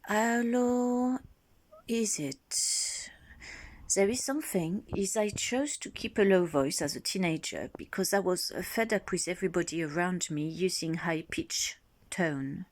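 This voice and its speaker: A woman recording herself, musing aloud about her own voice in a reflective, halting way, dropping into whispers now and then. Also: on the low side, expressive. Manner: musing, thinking aloud with pauses. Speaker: vlogger.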